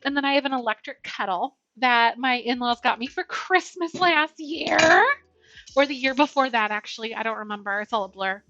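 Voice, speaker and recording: With a sharp tone and a voice on the high side, a Twitch streamer talks at a moderate pace as she bakes in her home kitchen. She's bubbly and casual, greeting viewers by name, over slightly dull lo-fi audio with faint music.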